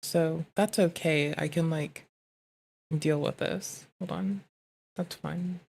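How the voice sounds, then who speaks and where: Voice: medium pitch, fairly even intonation, slow pace, gravelly, a little mellow, slightly rough. Stream co-host, casual, blunt, interjecting, swears. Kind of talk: casual chat.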